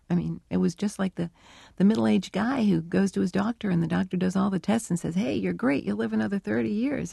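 Gravelly, mellow-voiced woman telling stories. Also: lowish voice, no echo. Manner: thoughtful, anecdotal, acts out remembered dialogue. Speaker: animal researcher, interview guest. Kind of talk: radio interview, storytelling answers.

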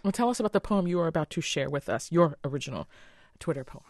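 Casting: woman radio host with a lowish voice, encouraging and appreciative, dry studio sound. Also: animated, quick pace, a little mellow, dry recording. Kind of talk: radio interview.

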